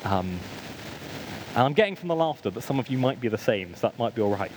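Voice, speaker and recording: Lively British preacher with humor. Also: male voice, medium pitch, fast, noisy background. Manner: self-deprecating, storytelling with humorous asides and frequent ums. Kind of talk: sermon. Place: church.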